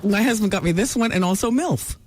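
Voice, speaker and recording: A woman's voice: medium pitch, lively intonation, a little fast. A woman hosting a talk radio show, dishing celebrity gossip in a brassy, teasing manner.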